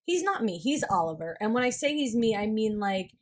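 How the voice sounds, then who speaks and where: A woman in casual chat with friends, talking earnestly and warmly about raising her young son, with many "like"s. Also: medium pitch, big pitch swings, a little fast, soft background music. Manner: earnest, heartfelt, lots of "like". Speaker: podcast co-host.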